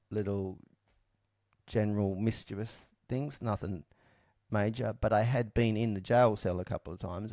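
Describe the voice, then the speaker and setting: A man's voice: fairly low pitch, darkish tone, no echo, clean studio sound. A man in young adulthood, frankly and reflectively telling his story in casual talk, with many fillers and restarts. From Australia.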